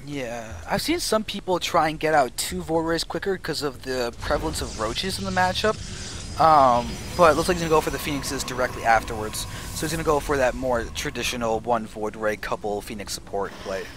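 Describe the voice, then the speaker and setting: A man casting a strategy game match with analytical play-by-play commentary, getting excited at big plays. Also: medium pitch, brisk, a little hiss or hum. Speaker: esports caster.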